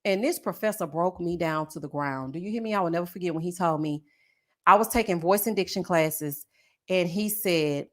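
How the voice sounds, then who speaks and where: A woman with a Texas Southern twang, chatting casually with her viewers in a sing-song, drawn-out way. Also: on the low side, a bit bright. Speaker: YouTube reality-show reviewer. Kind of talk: casual chat reading viewer comments.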